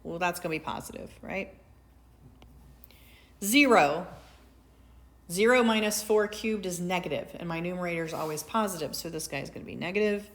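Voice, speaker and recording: A woman math teacher gives a recorded calculus lecture in a classroom, conversational and chatty, often seeking agreement with "right?" and adding dry, sarcastic asides. Her voice is on the low side at a normal speed, with frequent pauses. The room sounds echoey.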